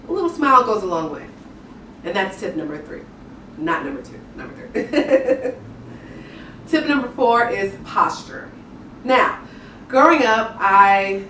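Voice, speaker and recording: A young adult woman working as an image consultant shares image tips straight to camera, upbeat, candid and chatty. Her mid-range voice is a bit bright, with a little hiss or hum, and she sounds distant in an echoey room.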